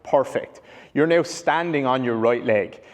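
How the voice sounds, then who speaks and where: A man's voice: mid-range voice, measured pace. A male rehab coach giving an instructional demonstration, explaining step by step and correcting himself as he goes. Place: training room with a whiteboard. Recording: long reverb in a large room.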